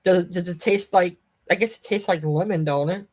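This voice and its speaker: A Southern woman chats loosely on a home live stream, rambling from one small topic to the next. Her voice sits a little low for a woman, and her talk stays easygoing and unhurried. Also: darkish tone. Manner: chatty, rambling, calls to her cat in a high voice. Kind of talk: casual live stream chat.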